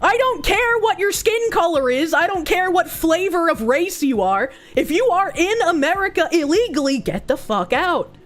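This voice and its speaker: A high-pitched woman streamer rants bluntly with plenty of swearing and dry sarcasm. She reads news out loud and reacts to it, stopping to thank chat for subs. Soft music plays faintly behind her. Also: big pitch swings, normal speed, few pauses. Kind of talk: livestream reading and reacting to news.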